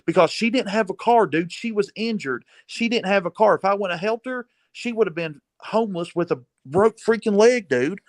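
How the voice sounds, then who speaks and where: A man's voice: high voice, lively intonation, brisk, hardly any pauses, no room sound. A man with a slightly raised voice pours out an agitated, profane rant. He keeps repeating "dude" as the story spills out, and the recording is close and dry with no room sound. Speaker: caller venting on a panel show. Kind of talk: emotional rant, casual talk.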